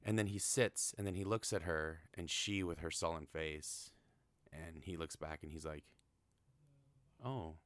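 A young man tells the story casually, with plenty of fillers and swearing. His voice is very deep and smooth. It is recorded close in a dry space. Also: level tone, moderate pace, a bit bright, no room sound. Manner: chatty, swears often, many fillers. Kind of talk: casual film recap.

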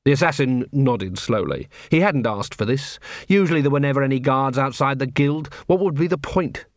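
A man narrating an audiobook in a wry, expressive storytelling manner. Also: medium pitch, normal speed, few pauses, no room sound, studio quality. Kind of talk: scripted narration.

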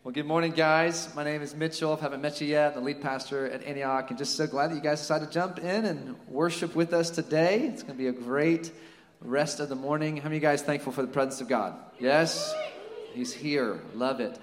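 A man's voice: on the high side, fairly quick. A young adult man, the lead pastor, speaking casually to his congregation with lots of "you know" and "like". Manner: casual, warm-hearted, many fillers like "you know" and "like". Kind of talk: church announcements and exhortation. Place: church sanctuary. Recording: long hall reverb.

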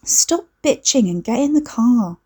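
A woman's voice: fairly high pitch, expressive, unhurried, warm tone, slightly rough, pitched above the performer's own voice. A woman voicing a bubbly, pushy young woman with an artificially cultured voice and a slight Essex twang. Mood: breezy.

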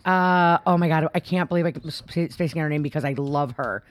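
A young woman with a low, deep-set voice chats loosely on a podcast, tumbling through stories with frequent laughs and false starts. The sound is close and dry, with no room around it. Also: fairly quick, no echo. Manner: rambling, laughs often, restarts mid-sentence. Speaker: podcast co-host. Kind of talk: casual chat.

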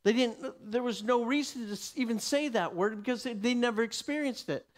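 A man's voice: very high voice, brisk. Brief: male Bible teacher, emphatic sermon delivery, frequent restarts.

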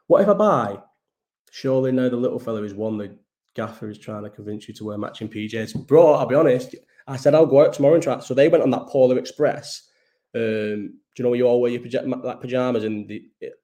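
A man's voice: medium pitch, warm tone. A young man, hosting a casual live-stream chat, who swears often and loses his thread as he rambles. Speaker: host of a live-chat show.

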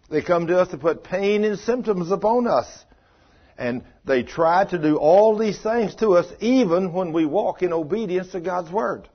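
Folksy husky older preacher. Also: male voice, a little high, dull audio. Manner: folksy, storytelling, swings between loud and hushed. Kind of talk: sermon.

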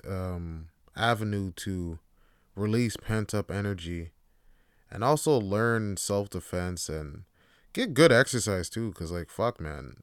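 A man's voice: low-pitched, clear, resonant tone, dry recording, studio quality. A young man hosting a podcast, talking casually in a rambling, profane way with many fillers. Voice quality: laid-back, profane, rambling with lots of fillers. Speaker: podcast host. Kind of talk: casual monologue.

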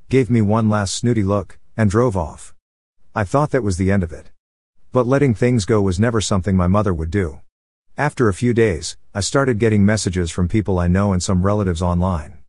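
A man narrating a first-person story in a steady, scripted reading. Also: fairly low pitch, moderate pace, no room sound.

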